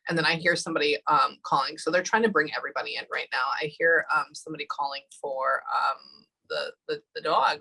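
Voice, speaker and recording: A woman in her thirties giving a spirit reading, talking haltingly and thinking aloud with many pauses. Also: sits low, steady tone, gravelly, bright, forceful tone, breathy edge, poor audio. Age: 30s. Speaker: psychic medium.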